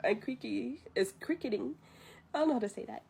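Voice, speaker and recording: A woman's voice: a little high, lively intonation, brisk, creaky, a little mellow, slight background noise. A woman streamer casually retelling a film from memory, chatty and amused, sometimes losing her place. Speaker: vtuber streamer.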